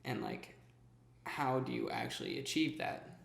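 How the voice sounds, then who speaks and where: A man's voice: mid-range voice, steady tone, a little slow, vocal fry. A man hosting a casual podcast interview, chatting loosely with plenty of "like" fillers. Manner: loose and conversational, frequent "like" fillers. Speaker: podcast host. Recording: echoey room, voice farther from the mic.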